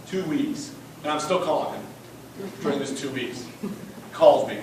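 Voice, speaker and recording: Speaking unhurriedly and pausing often, this fairly high-pitched man, a school principal, tells a forceful story at a fundraiser and keeps asking "right?". It's captured in an echoey event room on a distant, noisy mic.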